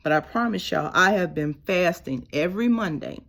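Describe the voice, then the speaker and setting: A woman with a tells her story straight to the camera in a personal vlog. Her voice sits on the low side. She drops to a hush, then rises to emphatic bursts. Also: normal speed. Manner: expressive, swings from hushed to emphatic. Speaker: vlogger.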